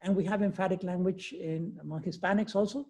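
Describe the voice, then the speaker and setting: A man of about sixty teaches a class in a chilly room, his voice dark and mellow. He talks loosely, with many fillers and restarts. He often chuckles at his own points. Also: sits high, steady tone, a little fast. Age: 60s. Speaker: lecturer. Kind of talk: university lecture. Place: cold classroom. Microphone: lecture recording with remote attendees.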